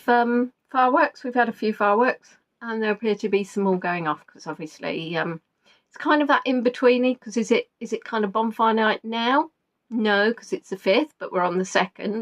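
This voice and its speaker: A woman's voice: on the high side, normal speed, muffled recording. A woman hosting a live quiz, chatting casually and rambling with self-deprecating asides. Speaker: quiz host. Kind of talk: casual live-stream chat.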